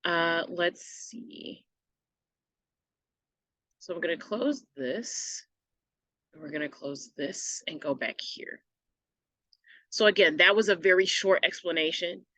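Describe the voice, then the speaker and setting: A woman teacher explaining a lesson patiently, often checking in with a quick "right?". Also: fairly low pitch, a bit bright, no room sound. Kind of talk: recorded online lesson.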